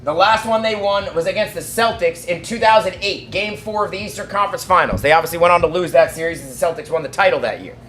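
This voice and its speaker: A man calls a basketball game play by play, firing off quick excited calls that climb to shouts at the big moments. His voice sits unusually high, and the room around him rings with echo. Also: a little hiss or hum. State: out of breath. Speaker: fan play-by-play commentator. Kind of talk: live play-by-play commentary.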